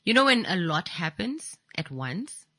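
Bright-voiced teasing Namibian radio host. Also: female voice, on the low side, unhurried, no room sound. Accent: Namibian English. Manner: animated, teasing, chatty. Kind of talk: casual radio talk show.

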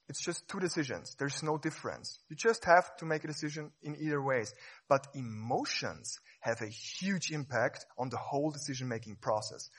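A man giving a lively, playful stage talk, acting out examples as he explains. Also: on the high side, slightly rough. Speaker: speaker.

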